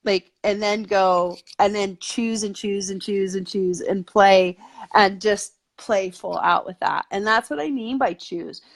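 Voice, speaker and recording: A woman's voice: medium pitch, unhurried. A woman guest in a casual interview, talking eagerly and at length, with lots of "like" and "you know.". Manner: eager, talkative, peppered with "like".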